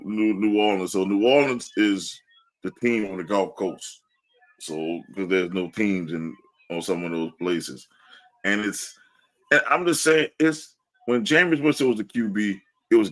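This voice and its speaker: A man co-hosting a sports podcast, animated and laughing as he mocks fans' takes. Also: fairly low pitch, a little slow, low-quality recording. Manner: animated, laughing, mock-quoting fans. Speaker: podcast co-host. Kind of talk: casual sports talk.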